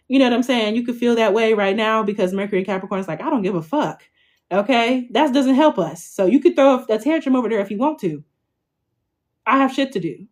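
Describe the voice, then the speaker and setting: Twenties woman, rapid-fire tarot reader, chatty and profane. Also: medium pitch, a little mellow. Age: 20s. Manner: chatty, blunt and profane, full of "okay?" check-ins. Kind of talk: casual tarot reading to camera.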